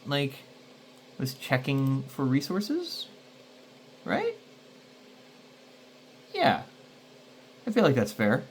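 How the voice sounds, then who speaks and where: Male solo tabletop player who thinks aloud and rambles, mid-pitched voice, faint background hum. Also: a bit bright. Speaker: solo game player and host. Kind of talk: casual solo tabletop play-through.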